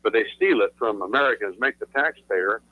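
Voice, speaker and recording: A man's voice: fairly low pitch, lively intonation, fairly quick, no echo. A man, an attorney guest on a radio talk show, explaining his views in an emphatic, lecturing way and repeating phrases for stress. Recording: tinny phone line, dry.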